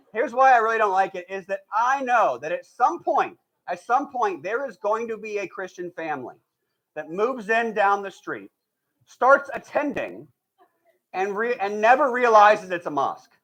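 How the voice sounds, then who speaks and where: A man doing a stand-up comedy set, telling stories in a deadpan way and slipping into mock voices. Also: high voice, moderate pace, low-quality recording. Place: live event hall with audience.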